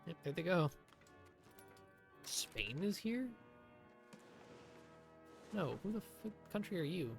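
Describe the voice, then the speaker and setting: A man's voice: sits high, big pitch swings, slow pace, vocal fry, pauses often, faint music behind. Sarcastic man streaming a strategy game. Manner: sarcastic, talking to himself, swearing. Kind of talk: live gameplay commentary.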